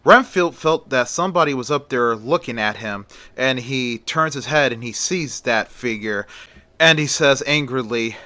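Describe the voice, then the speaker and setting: A man narrates a horror tale in a loose, chatty way. His voice is bright and forceful at a middle pitch. The recording is dry and close. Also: moderate pace, no echo. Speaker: storyteller. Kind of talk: casual retelling of a horror story.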